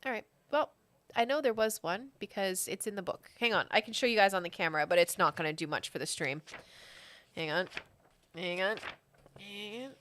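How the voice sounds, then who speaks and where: A woman's voice: medium pitch, normal speed, a bit bright, no echo. Chatty, laughing woman game master. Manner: chatty and self-mocking, laughing at herself. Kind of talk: narrating a tabletop game.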